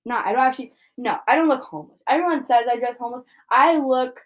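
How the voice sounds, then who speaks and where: A woman's voice: high voice, fast. A young woman hosting a solo podcast, rambling casually and self-deprecating, swearing a lot. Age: young adult. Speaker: podcast host.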